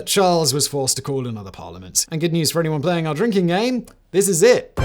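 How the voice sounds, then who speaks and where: A man giving scripted history narration with a wry, sarcastic humor and emphatic, swinging delivery. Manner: wry, sarcastic, jokey asides; lively, emphatic delivery with big pitch swings. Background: faint background music.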